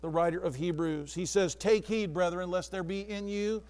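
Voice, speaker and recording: A male pastor preaching a sermon, calling on congregants by name and swinging from hushed asides to shouts. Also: high voice, fairly even intonation, normal speed, in a large hall.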